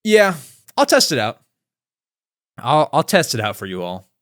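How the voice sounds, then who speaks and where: A young man hosting a casual solo podcast, excitable and quick to break into exasperated rants. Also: mid-range voice. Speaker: podcast host.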